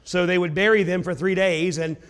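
A man's voice: high-pitched, steady tone, fairly quick. A male preacher reading old-style scripture aloud and explaining it in casual asides. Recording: long hall reverb.

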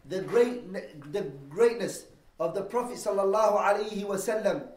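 A man teaching a lesson on Islamic law, explaining terms and posing rhetorical questions, quickly reading Arabic texts and then translating them. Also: high-pitched. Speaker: religious teacher. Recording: echoey room, voice from a distance.

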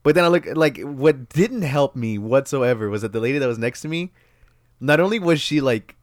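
A young man casually retelling a story, rambling and swearing freely, with lively bursts as he acts out the moment. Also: mid-range voice, moderate pace, no echo, studio quality.

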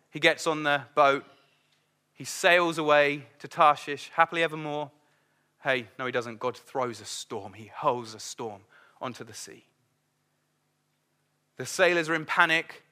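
Middle-aged man, sermon, conversational, acts out quotes; high, bright voice. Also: measured pace, long pauses. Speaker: preacher.

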